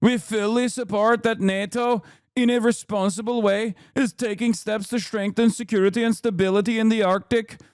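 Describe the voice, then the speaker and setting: A man putting on a Norwegian accent, playing a stiff, formal male statesman who reads an official statement slowly and with measured care. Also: high voice, steady tone, smooth, no echo, studio quality. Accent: put-on Norwegian.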